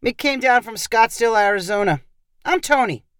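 A loud, arrogant American tourist man haggles harshly in this storybook reading, as the narrator puts him on. His voice sits higher than the reader's own, and it is recorded dry and close. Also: animated, moderate pace, clear, resonant tone, no echo, close to an everyday voice. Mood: friendly. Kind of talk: audio short story reading.

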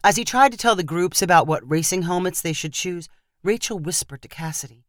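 A woman reading a story aloud as narrator in a steady storytelling manner. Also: fairly low pitch, a little fast, dry recording, studio quality. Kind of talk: scripted narration.

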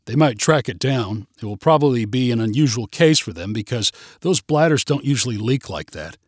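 A man voicing a calm, matter-of-fact female store manager in a read-aloud story. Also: mid-range voice, moderate pace, no room sound, clean studio sound, voice pushed down, close to an everyday voice.

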